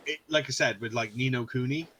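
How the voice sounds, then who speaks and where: A man's voice: mid-range voice, brisk, pushed and bright, breathy edge, no room sound. A man from the UK co-hosting a casual podcast, swearing freely, laughing and often slipping into comic put-on voices. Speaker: podcast co-host.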